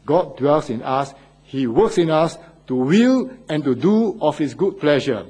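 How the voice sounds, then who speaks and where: Male preacher, husky, somewhat high voice, emphatic sermon delivery with rhetorical questions. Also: lively intonation, a little slow, warm tone, rough recording. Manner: emphatic, repeats key phrases with rising questions to the congregation.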